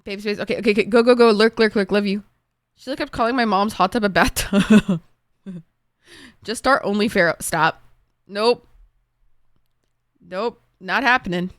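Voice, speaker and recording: A woman's voice: mid-range voice, measured pace, long pauses, dry recording, studio quality. A young woman streamer chatting casually with her viewers, full of "like" and frequent swearing. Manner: chatty, swears a lot, fillers like "like". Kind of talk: casual live-stream chat.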